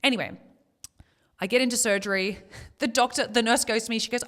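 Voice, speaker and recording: A young woman, sharing a painful personal story as a podcast co-host, emotional and near tears at times but quick to laugh. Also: fairly high pitch, fairly bright tone.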